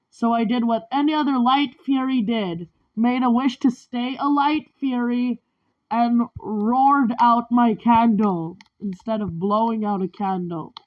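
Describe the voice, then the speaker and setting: A woman's voice: fairly high pitch, muffled recording. A woman telling a rambling personal story in a vlog, chaining each event with "and then". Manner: strings events together with repeated "and then". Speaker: vlogger.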